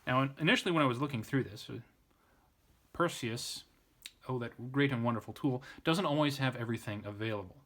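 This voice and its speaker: A man's voice: mid-range voice, brisk, fairly bright tone. A man giving an informal Latin grammar lesson, thinking aloud, often restarting and correcting himself. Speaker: Latin tutor.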